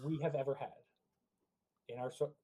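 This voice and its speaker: Hockey podcast cohost, dry and blunt, swears now and then, mid-pitch voice. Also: steady tone, normal speed, mellow, husky, poor audio. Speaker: podcast co-host. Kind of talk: casual hockey podcast chat.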